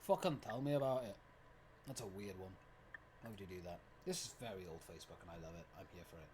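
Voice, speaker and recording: A streamer in their twenties, giving lively gameplay commentary, reading game text aloud and swearing often. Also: sits low, fast, a little hiss or hum. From United Kingdom. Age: 20s.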